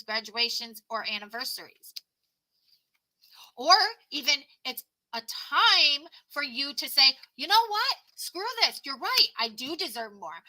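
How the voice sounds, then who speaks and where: A woman's voice: high-pitched, pushed and bright, poor audio. A woman doing a casual livestream tarot reading, speaking earnestly to viewers into a laptop mic and rambling through her advice with restarts and repetitions. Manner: reads card meanings slowly then talks to viewers. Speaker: tarot reader.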